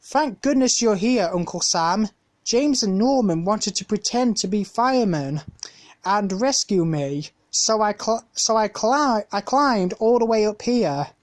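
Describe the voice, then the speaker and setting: A woman's voice: mid-range voice, measured pace, close to an everyday voice. A woman voicing an eager, spirited young girl in a storybook reading. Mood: cheerful. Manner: excited, pleading.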